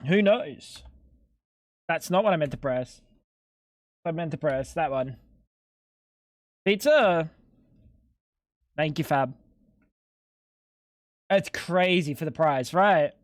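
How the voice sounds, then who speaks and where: A man's voice: fairly high pitch, lively intonation, slow, pauses often, no echo, studio quality. A young man streaming live, chatting casually with his viewers in a laid-back, slangy way with some swearing.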